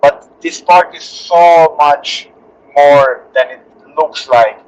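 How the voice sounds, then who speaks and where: Earnest man, halting English. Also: a little high. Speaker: UFC fighter being interviewed. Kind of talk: casual interview answers. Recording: slightly dull lo-fi audio.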